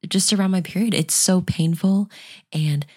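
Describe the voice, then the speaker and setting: A young woman with a slightly low voice, co-hosting a chat podcast. She talks bluntly and rambles from point to point, swearing freely. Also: moderate pace, a little mellow, slightly rough. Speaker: podcast co-host. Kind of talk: casual chat.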